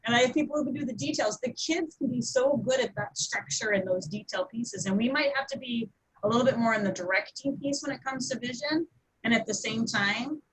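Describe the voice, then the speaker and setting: A woman hosting a casual community panel discussion, talking with enthusiasm and animated emphasis. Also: mid-range voice, breathy edge, rough recording. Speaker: host of a community webinar.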